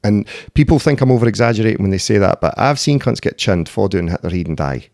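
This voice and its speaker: A Scottish man in his thirties, who is an MMA fighter and a doorman, talks rapidly as a podcast guest, his lowish voice expressive, creaky and darkish. Throughout the casual interview he swears freely and tells blunt stories full of "eh" and "mate." The clean studio audio has no room sound.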